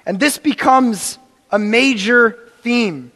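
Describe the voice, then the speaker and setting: A man preaching a sermon with a high voice. He tells a story in an animated way and acts out the quotes. His voice rings with the long reverb of a large hall. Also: takes it slowly.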